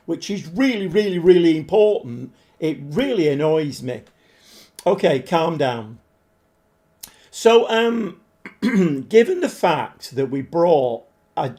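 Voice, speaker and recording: A man live-streaming a game, chatting to viewers and getting easily frustrated, his voice a bit hoarse. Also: on the high side, darkish tone. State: voice struggling, slightly hoarse. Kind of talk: live-stream commentary while playing.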